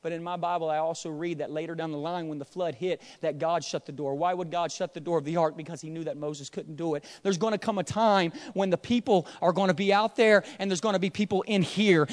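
A young man preaching a sermon in a church, swinging from hushed, quiet passages to loud, impassioned pleading. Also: a little high, fairly even intonation, brisk, few pauses. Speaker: pastor. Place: church sanctuary.

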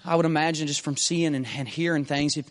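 A man preaching a sermon with passion, often building from a hushed tone to shouting and using repeated rhetorical questions. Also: fairly high pitch, steady tone, fast. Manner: impassioned, rises to shouting.

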